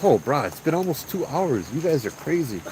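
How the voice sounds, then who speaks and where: A relaxed man with a Hawaiian Pidgin accent hosts a ghost-story stream and chats casually with viewers. His voice rises and falls in a lively way, and he laughs often. Crickets and faint outdoor night noise sit behind him. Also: a little high, moderate pace. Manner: laid-back, laughing, chatty. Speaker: ghost-story channel host.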